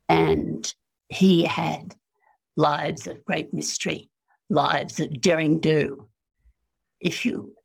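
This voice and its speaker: Her voice sits low, creaky and husky as this Australian woman, a guest on an interview, muses slowly through spiritual stories. She performs the voices of those she quotes.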